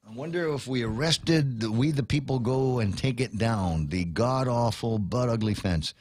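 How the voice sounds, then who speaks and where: A man hosting a talk radio show, ranting in a casual, animated way and restarting his sentences often. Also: medium pitch, normal speed, no room sound.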